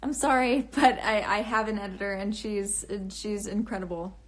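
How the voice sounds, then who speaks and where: A woman's voice: medium pitch, steady tone, moderate pace. A young woman casually chatting on a phone livestream, answering comments in a bubbly, rambling way with lots of restarts and laughs. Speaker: livestream host and author. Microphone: phone camera.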